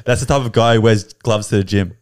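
A man, co-hosting a podcast in relaxed casual chat, laughing easily. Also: lowish voice, fast, noisy background. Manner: laid-back, laughs easily. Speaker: podcast co-host.

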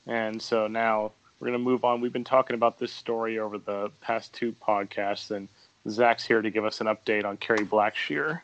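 A man hosting a sports podcast, jokey and quick to laugh. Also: lowish voice, steady tone, lo-fi sound. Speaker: podcast host.

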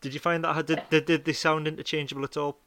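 A man hosting a casual podcast chat, playful and quick to laugh as he quizzes his guests. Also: on the high side, level tone, fairly bright tone, a little hiss or hum. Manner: playful quizmaster, laughs often. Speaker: podcast host.

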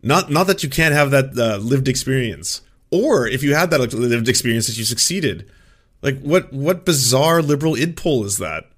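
A man's voice: medium pitch, animated, normal speed, fairly bright tone. A man co-hosting a podcast, talking in a blunt, profane, incredulous way. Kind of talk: casual chat.

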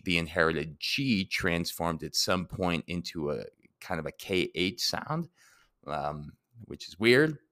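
A man's voice: sits low, a bit bright, no room sound, clean studio sound. A man giving a casual Latin grammar lesson, chatty and self-deprecating, often asking rhetorical questions. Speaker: Latin teacher.

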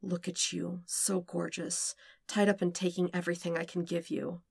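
A woman voicing a soft-spoken, coaxing young man. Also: steady tone, moderate pace, vocal fry, no room sound. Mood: tender murmur. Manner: soft, low, coaxing murmur. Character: dominant young man, teasing and tender. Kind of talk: podfic reading.

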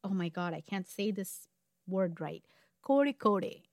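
A woman's voice: medium pitch, animated, measured pace, a little mellow, no room sound, clean studio sound. Woman telling a true crime case. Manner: conversational, wry asides. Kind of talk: casual true crime storytelling.

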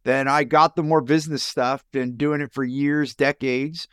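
A middle-aged man, a business coach and podcast guest, telling his life story in an animated way and jumping up in pitch when he acts out other people. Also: moderate pace, clear, resonant tone, dry recording, clean studio sound. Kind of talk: personal storytelling in an interview.

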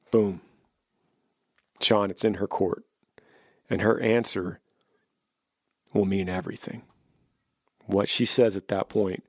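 Man, podcast host, earnest advice, restarts sentences, lowish voice, dry sound. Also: a little mellow, no echo. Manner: heartfelt, repeats words, restarts sentences. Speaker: podcast host answering listener questions.

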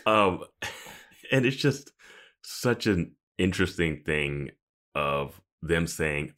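A man's voice: sits low, lively intonation, takes it slowly, a bit bright. A man co-hosting a podcast, chatting casually about an episode with lots of laughs and incredulous asides. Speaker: podcast co-host. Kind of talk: casual chat recapping a TV episode.

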